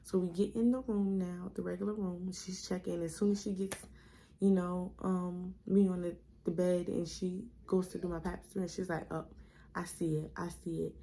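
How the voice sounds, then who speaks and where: A woman's voice: on the low side, moderate pace. A young adult woman, casually telling a personal story on her vlog and acting out the people she quotes. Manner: chatty, animated retelling with quoted voices, addresses viewers as y'all. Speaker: vlogger.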